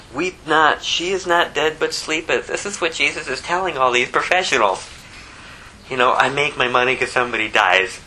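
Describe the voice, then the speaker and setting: A man teaching verse by verse from the Bible, lively and conversational, who chuckles at his own asides. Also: high voice, slight background noise, rough recording.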